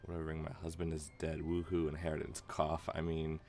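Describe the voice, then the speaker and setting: A posh widow fakes deep sorrow in a hammy, mock-solemn tone, as a man puts her on. The voice is very low and plummy. Faint game music runs under it. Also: monotone, fairly quick, warm tone. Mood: mock grief. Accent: posh British, put on. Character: posh British widow, falsely grieving.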